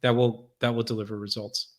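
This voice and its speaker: A man's voice: medium pitch, level tone, a little fast. A man as a podcast guest, talking in a thoughtful, conversational way with many restarts and repeated words. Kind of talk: conversational interview.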